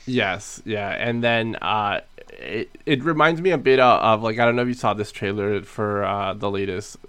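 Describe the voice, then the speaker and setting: A man casually reviewing a movie as a podcast co-host, talking haltingly with lots of fillers and restarts. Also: on the low side, fairly bright tone, clean tone, no room sound.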